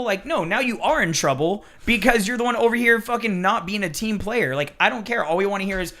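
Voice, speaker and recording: A man who works as a chef, talking casually on a podcast, telling animated stories with swearing and acted-out quotes. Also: fairly high pitch, a little fast.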